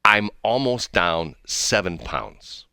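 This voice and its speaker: A man's voice: lowish voice, lively intonation, slow, sharp tone, clean tone, no room sound, studio quality. A man hosting a morning radio show in casual banter, rambling, drifting off track and laughing often.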